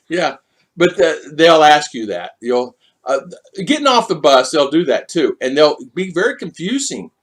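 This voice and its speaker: A man hosting a casual live stream, chatting with viewers and greeting them by name. He is animated and chuckles often. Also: fairly high pitch, measured pace. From United States.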